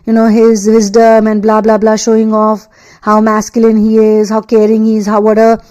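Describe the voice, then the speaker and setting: A woman with an Indian English accent delivers an earnest spiritual reading. Her voice is fairly high and soft, warm and dark-toned. She talks in circles, restating points with fillers as she goes. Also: completely flat delivery, moderate pace, clean tone, poor audio. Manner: earnest, repetitive, emphatic phrasing with many fillers. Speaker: tarot and energy reader.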